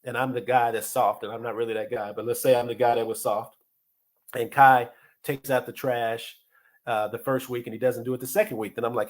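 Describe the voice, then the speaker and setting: A man's voice: medium pitch, steady tone, a little fast. A middle-aged man hosting a podcast, giving casual motivational leadership advice in an earnest way, often restarting and repeating words. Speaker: podcast host and leadership coach.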